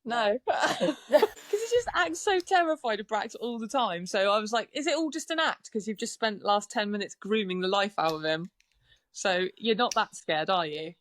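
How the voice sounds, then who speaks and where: A woman guesting on a podcast, telling animated stories, swearing casually and acting out what people said. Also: mid-range voice, normal speed, no room sound. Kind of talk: casual storytelling chat. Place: podcast studio.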